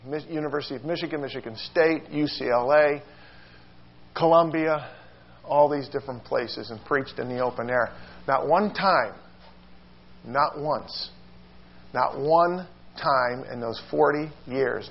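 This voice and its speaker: Fervent older male preacher, lo-fi sound. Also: fairly high pitch. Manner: fervent preaching, rising and emphatic. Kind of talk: sermon.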